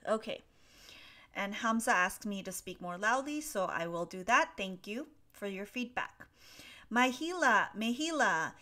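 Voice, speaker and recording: A woman with a mid-range, sharp-toned voice speaks animatedly and a little slowly. She's an English teacher on a live stream, sitting at a desk with a laptop, reading viewers' questions from it and answering them patiently with plenty of fillers.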